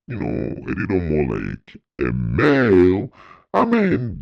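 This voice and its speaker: A man reviewing audio gear, speaking through a deep male and monster voice-changer effect, joking in mock protest. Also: vocal fry, a little mellow, no echo, muffled recording, full character voice. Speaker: product reviewer.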